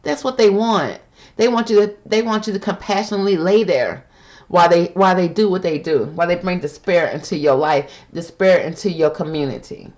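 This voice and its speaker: A woman's voice: lowish voice, fairly quick, a little mellow. Emphatic woman reading tarot, lo-fi. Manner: emphatic, repeats "okay?", calls listener "baby"; grows heated and indignant. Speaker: tarot reader host. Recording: dull lo-fi with faint hiss.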